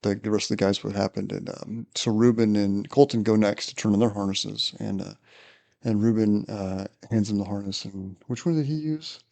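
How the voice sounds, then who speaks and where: A man hosting a podcast, telling a work story in casual chat, his voice climbing high as he laughs through it. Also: normal speed, creaky, darkish tone. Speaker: podcast host, police officer.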